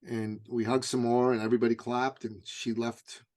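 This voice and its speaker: A middle-aged man recounting a personal story as an interview guest, at a middling pitch. He tells it vividly, often stumbling over repeated starts before pressing on. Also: little pitch movement, normal speed, darkish tone. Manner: vivid anecdotal telling with repeated stammered starts.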